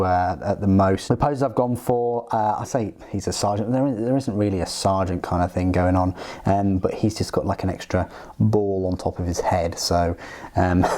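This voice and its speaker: A man giving an unscripted hobby review, talking in a halting, hesitant way as he thinks aloud. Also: fairly low pitch, dark tone. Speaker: miniatures reviewer.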